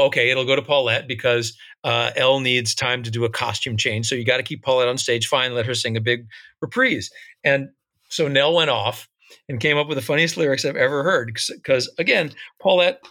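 A man who writes songs for musicals, telling backstage stories with animated delivery and laughing along as he tells them. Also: mid-range voice. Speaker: musical songwriter. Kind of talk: casual storytelling interview.

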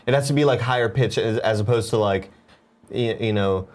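A man's voice: fairly low pitch, brisk. A man co-hosting a casual morning show, giggling and trying out a put-on accent as a bit. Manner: giggly, sing-song, laughs a lot. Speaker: co-host.

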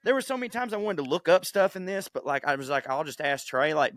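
A man's voice: a little high, lively intonation, quick pace, hardly any pauses, fairly bright tone, dry recording, studio quality. A man co-hosting a podcast, telling a history story in a loose, profane, rambling way and putting on silly voices for the people he quotes. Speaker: podcast co-host. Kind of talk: casual storytelling chat.

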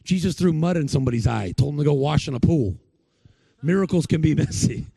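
A man's voice: fairly high pitch, animated, a little fast, gravelly, dark tone, slightly rough, dry recording. A male preacher giving a sermon, telling stories and acting out the people he quotes. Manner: storytelling, acts out the people he quotes.

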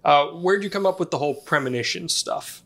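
A man's voice: fairly high pitch, fairly quick, a bit bright. Man hosting, asking questions. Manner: prompts with questions, narrates scenes being watched. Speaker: podcast host and interviewer. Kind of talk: interview questions in casual podcast.

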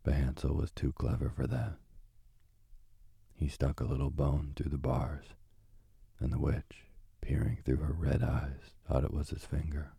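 A man reading a fairy tale aloud in a hushed, dramatic storytelling manner. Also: a bass voice, little pitch movement, a little slow, vocal fry, husky, no echo, clean studio sound.

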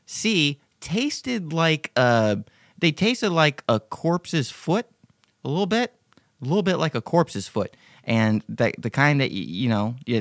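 A man's voice: medium pitch, dry recording, studio quality. A man hosting a casual live Q&A podcast, talking in a profane, rambling, joking way. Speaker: podcast host.

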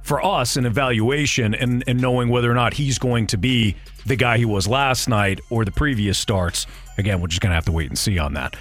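Measured male sports radio host. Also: medium pitch, a bit bright, soft background music. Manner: measured, steering the conversation.

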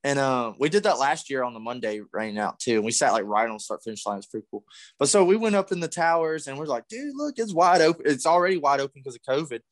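A man's voice: mid-range voice, quick pace, no echo, clean studio sound. A man, co-hosting a podcast, telling a story in casual chat, swearing freely and acting out what people said. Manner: animated, swears freely, acts out quotes. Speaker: podcast co-host.

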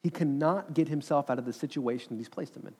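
A man delivers a sermon in an earnest, conversational tone. He keeps asking the listeners questions as he preaches. His voice sits a touch higher than most men's. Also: fast talker, mellow, breathy edge. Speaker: pastor.

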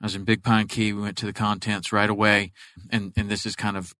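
Guy with a low voice rambling thru a story, lots of restarts, dry mic. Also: flat delivery, a little fast, bright, forceful tone, no echo. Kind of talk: casual interview chat.

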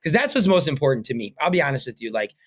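Brief: a man at mid pitch, a podcast guest, earnest and rambling, full of fillers. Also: big pitch swings, rapid-fire. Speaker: podcast guest, painting company owner. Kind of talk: casual interview talk.

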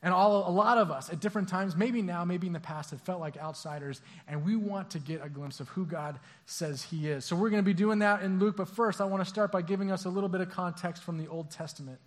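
A young man preaching a casual sermon as a pastor, acting out characters in a lively, conversational way with frequent restarts. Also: high voice, fast, few pauses. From Southern California. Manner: casual, animated, acts out voices, stammering restarts.

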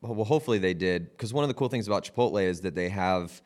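A young man hosting a podcast, with a lowish voice. He tells stories animatedly, laughs often and acts out what others said in quick little voices. Easygoing, chatty delivery. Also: darkish tone. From San Diego, California. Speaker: podcast host. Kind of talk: casual chat.

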